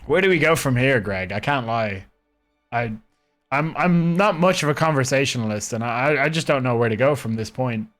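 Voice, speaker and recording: A man's voice: mid-range voice, lively intonation, normal speed, fairly bright tone, soft background music. Rambling man chatting on a game stream. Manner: rambling, chatty, talking to chat. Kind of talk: casual live-stream chat. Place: his own hot room.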